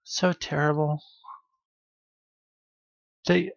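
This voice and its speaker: A man's voice: on the high side, little pitch movement, slow, long pauses, fairly bright tone. A man chats on his own live stream, taking his time and often trailing off before finishing a thought. His voice comes through a dull, lo-fi microphone. There is no room echo around it. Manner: rambling, offhand, half-finished sentences. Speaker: livestreamer. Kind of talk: casual live-stream chat.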